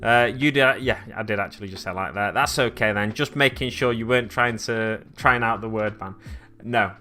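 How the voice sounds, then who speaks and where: A man's voice: on the low side, normal speed, bright, forceful tone, faint music behind. A young man with a Lancashire accent, chatting casually to viewers on a live stream and often correcting himself as he rambles. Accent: Lancashire English. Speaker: live-stream host painting miniatures.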